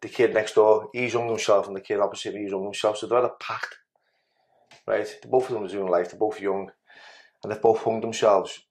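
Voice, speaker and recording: A man, sitting as a podcast guest and telling his story in a blunt, sweary way. His voice sits a little low. He stumbles and restarts his words as he pushes on through the tale. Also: fairly even intonation, brisk, a little mellow. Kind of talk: casual storytelling interview.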